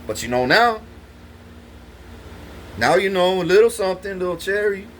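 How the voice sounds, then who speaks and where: A man's voice: high-pitched, expressive, normal speed, slight background noise. A man telling rambling stories in a boastful way, swearing constantly and laughing between lines. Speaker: vlogger. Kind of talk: rambling profane storytelling.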